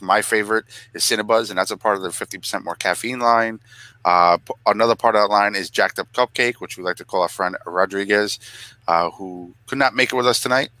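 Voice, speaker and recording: A man with a bright, forceful tone and a fairly low voice, clowning his way through an ad-libbed sponsor read. He talks in a loose, joking way, and the sound is close and dry. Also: brisk, no room sound, low-quality recording. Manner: jokey, mock-emotional, voice jumping high when clowning. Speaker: podcast co-host reading a sponsor ad. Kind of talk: casual ad-lib sponsor read.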